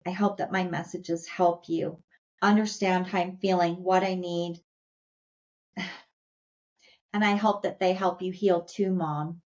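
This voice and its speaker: A woman voicing a sweet, sensitive young male dog, speaking in a gentle, earnest, halting way. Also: on the low side, fairly even intonation, natural voice. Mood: loving. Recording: slightly dull lo-fi audio.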